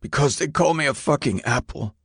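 A man's voice: a little high, brisk, husky, no echo, studio quality, pitched above the performer's own voice. A man voicing a tearful, sulky teenage boy. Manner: pleading, defensive, voice cracking. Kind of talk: audiobook reading.

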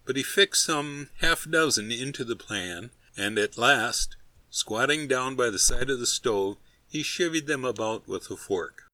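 A man narrating a comic novel in a wry, even storytelling voice. His tone is bright and forward. The recording is dry and close. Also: mid-range voice, a little slow, no echo. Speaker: audiobook reader. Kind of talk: scripted narration.

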